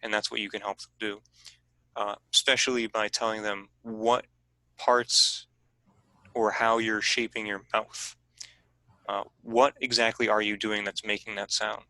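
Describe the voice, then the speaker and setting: A man presenting a teaching workshop over a video call, explaining in a relaxed, conversational way. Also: on the low side, a little slow, no echo, rough recording.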